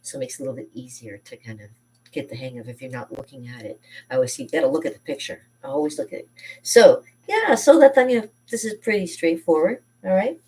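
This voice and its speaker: Chatty, husky low-voiced woman. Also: lively intonation, fast talker, warm tone, distant mic. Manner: chatty and enthusiastic, with many fillers and self-corrections. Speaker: art teacher showing kids' painting projects. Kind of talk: casual chat.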